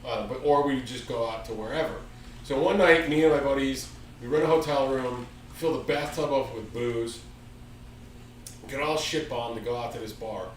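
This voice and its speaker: A man's voice: mid-range voice, moderate pace. A man in his fifties from the United States, hosting a casual chat and telling a rowdy story with swearing and acted-out sound effects. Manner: animated, swearing, acts out quotes with sound effects. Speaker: music store show host. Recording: echoey room from far off with faint ambient noise.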